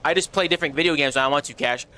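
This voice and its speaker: A man's voice: a little high, rapid-fire. A young man hosting a casual livestream, chatting in slang, reading viewer messages aloud and answering them with big swings in energy. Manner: animated, slangy, reads chat aloud. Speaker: streamer.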